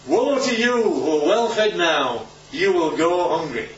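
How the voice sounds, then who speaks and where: A man's voice: high-pitched, sing-song, measured pace, slight background noise. A male preacher giving an informal Bible talk, conversational and often checking in with his listeners. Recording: roomy, distant, dull recording.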